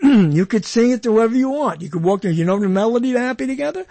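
A man's voice: extremely high pitch, fast talker, no echo. A man hosting a podcast, talking casually about songs and humming bits of melody as he explains them. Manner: animated, explains while humming along. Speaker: podcast host.

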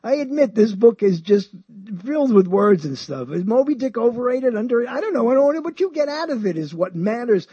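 A man hosting a show, talking about books in a rambling, animated way, often chuckling and swinging his pitch high and low. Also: a little fast, slightly rough, no room sound, muffled recording. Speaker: show host. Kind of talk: rambling radio-style talk about books.

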